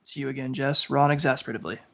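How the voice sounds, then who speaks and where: A man co-hosting a podcast, soft-spoken while directing a scene reading. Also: medium pitch, fairly even intonation, racing, creaky. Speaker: podcast co-host. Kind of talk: casual chat.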